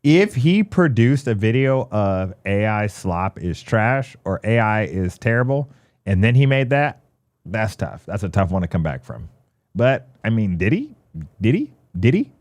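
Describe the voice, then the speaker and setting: A man's voice: fairly low pitch, very animated, measured pace. A man co-hosting a casual livestream talk show, teasing and laughing as he jokes around. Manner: joking, teasing, laughs often. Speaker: podcast co-host.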